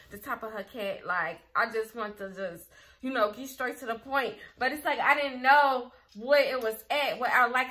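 A young adult woman telling a personal story on her vlog, candid and animated, full of filler words. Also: a little high. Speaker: vlogger. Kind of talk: casual storytime.

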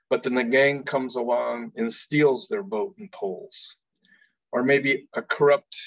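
A man's voice: medium pitch, dry recording. A man giving an earnest faith-based talk as an organization leader, often repeating words as he starts a phrase. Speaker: executive director giving a talk. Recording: dull lo-fi recording.

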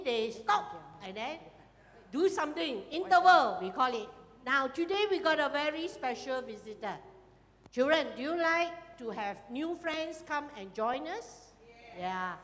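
A woman's voice: high-pitched, expressive, measured pace, a bit bright, in a large hall. A woman leading a children's church class, coaxing the children and talking to them directly. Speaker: Sunday school teacher.

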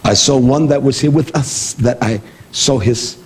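A middle-aged man preaching a sermon, blunt and lively, jumping between high exclamations and low mutters. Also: a little slow, slightly rough.

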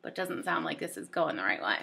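A woman's voice: low voice, big pitch swings, a little fast, vocal fry. A woman teacher reading a children's book aloud to her class, her voice scratchy from allergies, stopping often to ask questions. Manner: warm, chatty storyteller who asks listeners questions.

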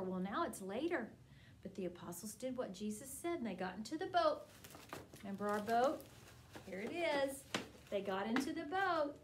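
A woman teaching a Bible class to preschoolers, telling a story in an animated, sing-song way, exaggerated for small children. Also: on the high side, a little hiss or hum, rough recording.

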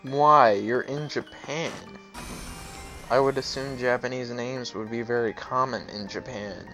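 A man hosting a let's play, giving sarcastic, deadpan commentary over the gameplay. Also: medium pitch, a little slow, music in the background.

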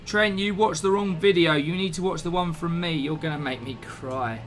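A live streamer, chatting casually, excitable and flustered, laughing often. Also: medium pitch, normal speed, slight background noise.

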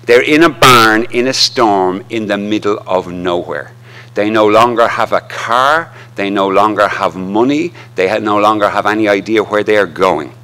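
A man giving an academic literature lecture with deliberate, dramatic emphasis. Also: lowish voice, pushed and bright, smooth.

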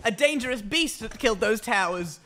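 A man's voice: high voice, expressive, brisk, bright, forceful tone. A young man from northern England with a Yorkshire accent, chatting casually while gaming live, joking and self-deprecating with lots of restarts. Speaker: streamer.

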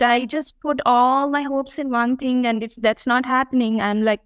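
A woman's voice: sits high, steady tone, moderate pace, hardly any pauses, smooth, dry recording. Earnest, reflective woman guest. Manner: earnest and reflective, with frequent "like" fillers. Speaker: guest, dental school applicant. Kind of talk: conversational interview.

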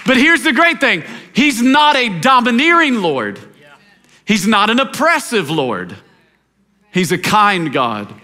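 High, bright-voiced preacher. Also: male voice, sing-song, slow pace. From Tennessee. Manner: impassioned preaching, rising to shouts and dropping low. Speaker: pastor. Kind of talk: sermon.

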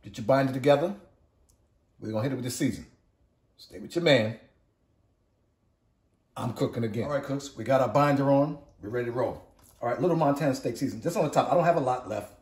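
A cooking channel host speaks in a mid-range, darkish voice, a bit quick and full of frequent pauses. He's excited and talkative in this casual video, repeating catchphrases for viewers while cooking at home and later at a backyard grill outside. Audio comes from a faraway camera and echoes.

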